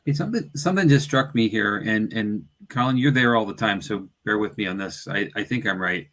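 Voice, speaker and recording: A man in relaxed conversation recalling an investigation. His voice sits low and his talk is chatty. He speaks plainly, without fuss. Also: a little fast. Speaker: paranormal investigator co-host. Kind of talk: casual discussion.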